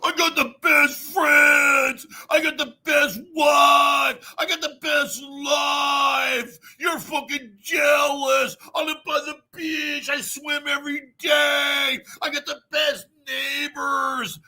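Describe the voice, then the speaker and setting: Man doing a bragging, shouting loudmouth. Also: very high voice, little pitch movement, voice pushed up, full character voice. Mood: boastful shouting. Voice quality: strained shouting, slow drawn-out. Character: boastful shouting middle-aged man, aggressive.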